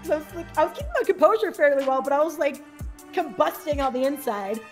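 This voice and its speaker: A bubbly young woman with a high voice tells stories on a podcast, giggling as she goes and acting out what other people said. Soft music plays faintly behind her. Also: expressive, fast talker. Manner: bubbly, giggly, acts out quotes in a higher voice. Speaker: podcast guest. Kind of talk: casual storytelling chat.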